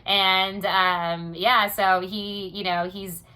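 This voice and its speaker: A woman's voice: mid-range voice, level tone, drawn-out words, sharp tone, smooth. A young American woman talking casually in a personal diary vlog, rambling with many "you know" and "um" fillers. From United States. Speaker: vlogger.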